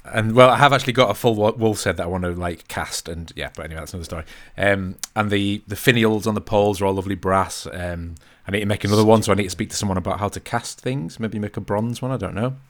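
An Englishman with a very low voice chats on a podcast. He is laid-back and sweary, and drifts through his news with plenty of ums. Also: fast talker, few pauses. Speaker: podcast co-host. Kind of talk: casual podcast chat.

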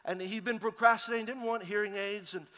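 A middle-aged man preaching a sermon as pastor, telling lively stories and calling out to his congregation. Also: high voice, fairly quick. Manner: lively storytelling, calls out to the congregation. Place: large church hall. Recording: long hall reverb in a church.

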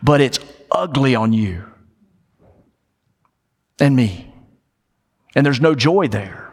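A man's voice: mid-range voice, lively intonation, breathy edge. Man preaching in an echoing hall. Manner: conversational preaching, slows for emphasis, playful asides. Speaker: pastor. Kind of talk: sermon. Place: church sanctuary.

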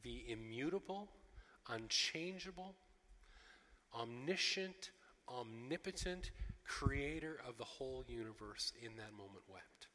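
A pastor delivers a lively, expressive sermon, acting out the voices of the characters he retells and frequently restarting his lines. His mid-range voice is bright and forward and a little slow, ringing out with the long reverb of a large hall.

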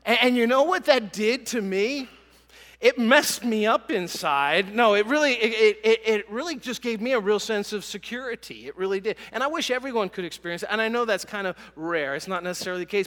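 A man's voice: high-pitched, lively intonation, normal speed, fairly bright tone, long reverb tail. A middle-aged man giving a sermon as a pastor, telling stories conversationally with many fillers and restarts. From American South.

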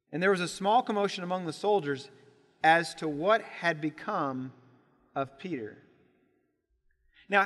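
A man preaching a sermon in a church, telling a Bible story with lively acted-out voices. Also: fairly high pitch. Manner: animated storytelling, acts out voices in quotes. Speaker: pastor. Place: church sanctuary. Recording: church sanctuary with long reverb.

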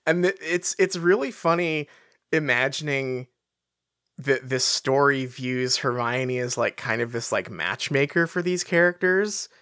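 A podcast co-host talks through a book chapter in relaxed, wry chat. The delivery is animated, with frequent restarts. The recording sounds dry and close, and the pitch sits in a middle range. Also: unhurried, no room sound. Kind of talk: casual book discussion chat.

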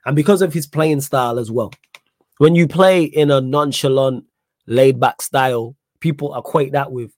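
A young man chats at an easy, unhurried pace as a podcast host fielding viewer questions. His voice sits at an ordinary middle pitch. The sound is dry and close, with no room echo. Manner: calm, laid-back, conversational. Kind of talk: casual chat.

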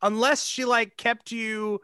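A man's voice: extremely high pitch, takes it slowly, clear, resonant tone, no echo. Male host, casual storyteller, laughs as he goes; dry, close sound. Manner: animated, laughs through his own story.

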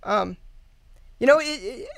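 A woman's voice: fairly high pitch, expressive, a little slow, creaky, no echo. A woman guest casually retelling a true-crime story, rambling with lots of fillers, laughing and swearing. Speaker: podcast guest.

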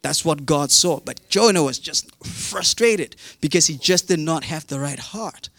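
Male pastor, sermon, lively and repetitive delivery, slightly high voice, dry close sound. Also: unhurried, no echo. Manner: animated, repeats words, acts out quotes.

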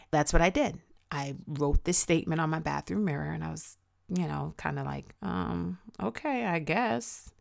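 A woman giving an earnest, reflective personal testimony, speaking slowly and deliberately. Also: low-pitched, vocal fry. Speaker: speaker sharing her story.

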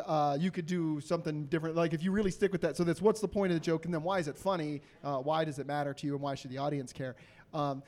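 A man's voice: on the high side, a little mellow. A man giving earnest, rambling feedback on a comedian's jokes. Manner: rambling, earnest, many fillers. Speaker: comedy judge.

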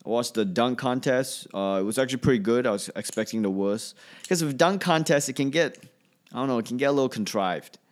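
A man's voice: medium pitch, fairly quick. A male comedian talking alone on his podcast, rambling and offhand, often trailing off and restarting his sentences. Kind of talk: solo podcast monologue.

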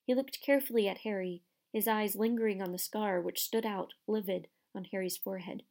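Gravelly-voiced woman narrating a storybook. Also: medium pitch, fairly even intonation, a little fast, darkish tone. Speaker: audiobook narrator.

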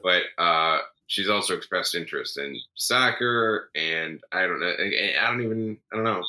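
A man's voice: sits low, moderate pace, pushed and bright, poor audio. A man in his thirties co-hosting a casual podcast, talking about his kids in a rambling, tired way. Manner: rambling, self-correcting, tired. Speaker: podcast co-host. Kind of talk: casual chat.

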